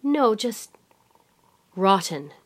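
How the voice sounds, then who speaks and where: A woman voicing a meek, quiet younger sister who speaks in a soft, subdued way. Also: medium pitch, sing-song, very slow, pitched above the performer's own voice, heavily acted. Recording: music playing underneath.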